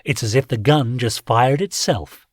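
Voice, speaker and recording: A man's voice: medium pitch, measured pace, no room sound, studio quality, lightly acted. A man doing an irritable alien cop, muttering. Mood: frustrated. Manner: muttering, frustrated. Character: irritable alien police officer.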